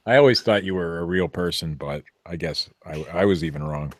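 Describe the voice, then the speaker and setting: Low-voiced guy hosting a podcast, joking around, dry close sound. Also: unhurried, no echo. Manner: joking, rambling with restarts. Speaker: podcast host. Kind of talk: casual banter.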